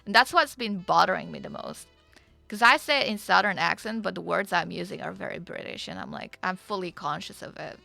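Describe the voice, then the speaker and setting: Woman from eastern europe chatting to stream viewers, bright voice, a bit of fry, kinda self-conscious. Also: on the low side, very animated, brisk, no room sound, faint music behind. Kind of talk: casual chat with viewers.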